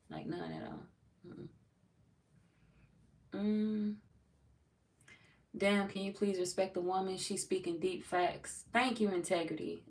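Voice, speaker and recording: A woman with a lowish voice and vocal fry, recorded on a distant mic, does tarot readings over a livestream. Casual and loose, she greets the chat, reads comments out loud, and laughs a lot.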